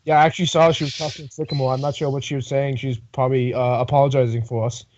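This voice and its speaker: A woman's voice: rumbling low, rapid-fire, highs cut off. A woman playing a tabletop game on a stream, chatting casually and laughing often. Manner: giggly, excitable, laughs often.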